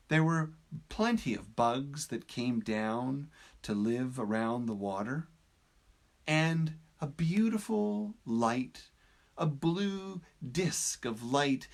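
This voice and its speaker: A man tells a parable in a slow, measured way, pausing often for effect. His voice rises and falls with lively expression as he draws the listener in. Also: medium pitch, gravelly. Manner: slow, deliberate, expressive with dramatic pauses. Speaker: speaker, storyteller. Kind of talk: storytelling.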